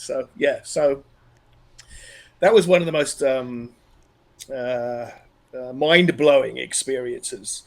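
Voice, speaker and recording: A man's voice: medium pitch, takes it slowly, gravelly, long pauses. Earnest Australian man telling a story. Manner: earnest, animated, frequent restarts. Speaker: podcast guest. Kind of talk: reflective storytelling in an interview.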